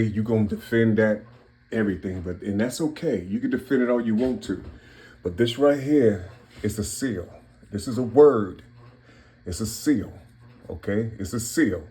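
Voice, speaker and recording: A channel host from Cincinnati, Ohio, lectures his listeners directly in a casual, preachy monologue on hidden codes in words, repeating and circling back on phrases. His voice is lowish and mellow.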